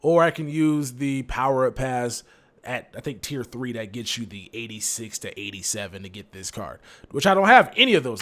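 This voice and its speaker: A man's voice: mid-range voice, animated, normal speed, pushed and bright. A young man hosting a gaming channel, giving casual, rambling commentary over gameplay. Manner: chatty, repetitive, rambling.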